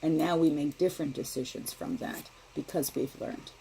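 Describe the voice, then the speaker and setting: Soft-spoken woman giving a card reading. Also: low voice, moderate pace, vocal fry, a little hiss or hum, low-quality recording. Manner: gentle, meandering, often asks "right?". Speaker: spiritual card reader. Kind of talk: casual daily card reading.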